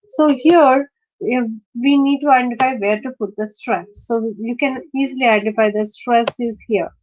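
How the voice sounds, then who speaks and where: A woman teaching in an online lecture, explaining step by step with many pauses, fillers and restarts. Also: on the high side, a little mellow. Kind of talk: screen-shared online lecture. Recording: dull lo-fi recording.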